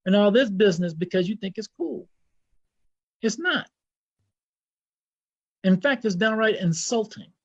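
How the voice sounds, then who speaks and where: A man's voice: high voice, expressive, a little slow, pauses often, breathy edge, dull audio. A man with an American accent, a guest Islamic scholar speaking in an impassioned, blunt way and repeating himself for emphasis. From United States. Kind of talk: impassioned interview talk.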